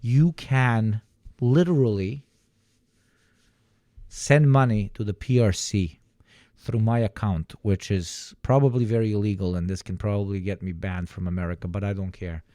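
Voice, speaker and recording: A man's voice: lowish voice, moderate pace, warm tone, dry recording. Joking streamer man, dry close sound. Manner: joking, sarcastic, breaks into laughter, restarts sentences. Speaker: streamer reacting to online posts. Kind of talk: casual livestream reaction commentary.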